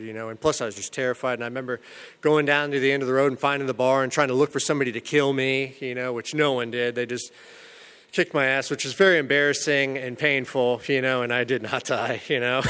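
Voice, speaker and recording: A man's voice: medium pitch, a little fast, clear, resonant tone, long reverb tail. Rambling, self-mocking man sharing his story. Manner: rambling, full of "you know" and "man"; self-mocking humor about a dark past. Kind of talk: candid personal storytelling.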